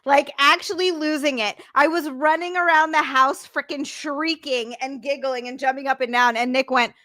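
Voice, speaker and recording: A young adult woman hosting a live stream, chatting casually and bubbly, greeting viewers and squealing with excitement. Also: sits high, moderate pace. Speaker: streamer and podcast host.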